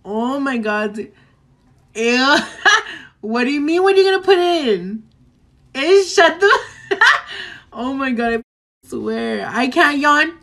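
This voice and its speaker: A man acts out a brash young woman from California who swears and giggles through a comedy sketch. The voice sits high and bright. She drawls slowly, mixed in. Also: expressive, exaggerated voice. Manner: loud, crude and giggly, drawling slang.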